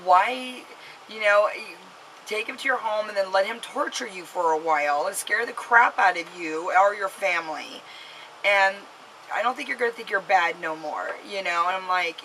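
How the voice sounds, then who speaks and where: A mother vlogs to the camera in a bright, forceful voice of medium pitch at a moderate pace, rambling through a story with lots of fillers and restarts before delivering an earnest, scolding warning. The recording is low quality, with a faint hiss or hum.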